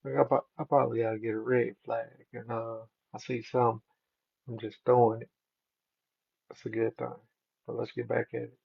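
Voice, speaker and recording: Gravelly man on a tinny line. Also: medium pitch, level tone, normal speed. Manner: laid-back, advice-giving. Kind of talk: casual commentary. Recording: tinny phone-like sound.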